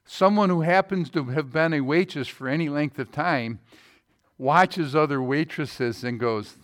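A man's voice: on the high side, a little slow, fairly bright tone. A man in his sixties preaching a sermon as a pastor, telling a personal story and often checking in with his listeners.

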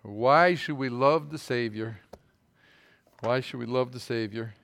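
A man's voice: medium pitch, measured pace, creaky, fairly bright tone. A man preaching a sermon, telling a story in a colloquial way with false starts, then rising into fervent scripture reading.

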